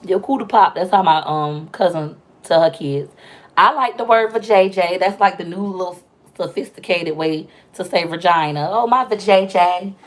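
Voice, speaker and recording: A young woman chatting loudly and talkatively with viewers on a casual live stream, telling stories with playful, animated quoted voices. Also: fairly low pitch, moderate pace. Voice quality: loud, talkative. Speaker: livestream host.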